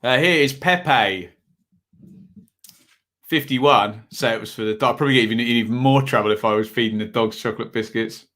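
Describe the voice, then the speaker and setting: During a live football watch-along, this young host rambles and chats between calls on the match, coming across as talkative and self-deprecating. He speaks a little fast in a mid-range, fairly bright voice.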